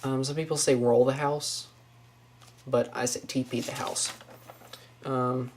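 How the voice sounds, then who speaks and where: A young woman from Northwest Florida speaks with a Southern accent at a slow, easy pace. She talks casually from her apartment, saying a word and then reflecting on how she pronounces it. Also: very deep voice, fairly even intonation, darkish tone, a little hiss or hum. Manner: musing, says each test word then comments on it. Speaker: vlogger. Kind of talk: casual accent-tag video. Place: small apartment indoors.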